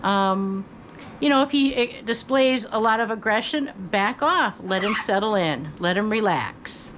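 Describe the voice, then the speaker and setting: An older woman who hosts her own channel, giving relaxed, folksy advice about parrots at home and chatting to her bird now and then. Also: medium pitch, a little slow, background noise. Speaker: parrot owner and channel host. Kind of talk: casual advice talk. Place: indoors at home, by her bed.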